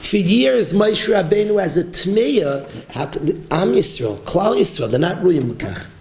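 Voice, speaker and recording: A man's voice: sits high, measured pace, gravelly. Emphatic preaching man in a roomy echo. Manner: emphatic, animated preaching with rising exclamations. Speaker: rabbi. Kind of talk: sermon.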